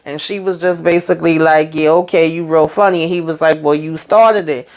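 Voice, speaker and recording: A woman's voice: low-pitched, steady tone, brisk, a little mellow. A woman casually recapping a TV drama episode, retelling scenes as quoted dialogue with salty slang. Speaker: YouTube recap host.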